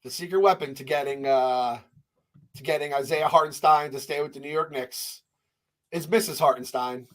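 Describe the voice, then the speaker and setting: A man's voice: on the high side, moderate pace. A man co-hosting a sports podcast, easygoing and casual, with some swearing. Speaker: podcast co-host.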